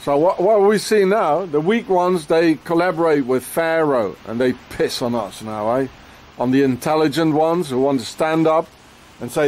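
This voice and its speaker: A man delivering an angry, rambling rant outdoors in the rain, swearing often and filling every pause with "you know" and "eh?". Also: fairly high pitch, a little mellow.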